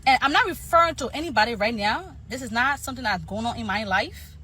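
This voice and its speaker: A woman's voice: on the high side, animated, fast, sharp tone, a little hiss or hum, low-quality recording. Emphatic woman with an African accent. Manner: emphatic, repeats herself for stress. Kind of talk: opinion commentary.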